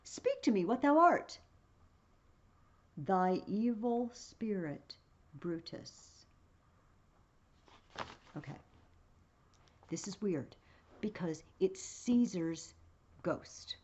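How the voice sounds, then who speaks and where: A woman's voice: on the low side, dark tone, husky, highs cut off. A woman teaching a play, reading passages aloud with feeling and then explaining them in a casual way.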